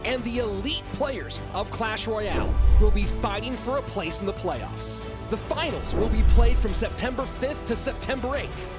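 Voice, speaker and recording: A man with a voice that sits high delivers an upbeat, scripted announcer-style narration at a moderate pace for a tournament promo video. Loud music plays beneath his narration.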